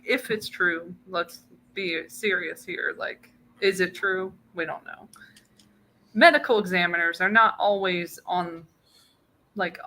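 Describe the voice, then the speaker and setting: A woman co-hosting a casual podcast chat, wry and joking, quick to laugh. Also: on the low side, sharp tone, rough recording. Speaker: podcast co-host.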